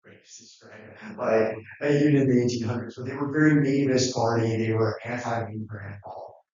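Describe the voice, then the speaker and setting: A man giving a classroom lecture in a rambling, conversational way, with many fillers and restarts. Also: fairly high pitch. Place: lecture room. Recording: muffled, very echoey, distant.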